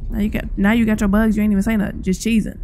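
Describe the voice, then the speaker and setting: A woman's voice: medium pitch, level tone, very fast, warm tone, slight background noise. A woman streamer giving chatty commentary on a horror game, talking back to the characters with playful bravado. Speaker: gaming streamer.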